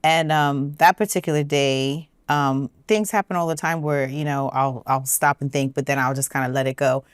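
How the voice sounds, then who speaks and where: A woman's voice: very deep voice, fairly even intonation, normal speed, hardly any pauses, clean tone, no echo. A woman guest on a talk show, telling her own relationship story candidly and acting out both sides of past conversations. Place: television studio.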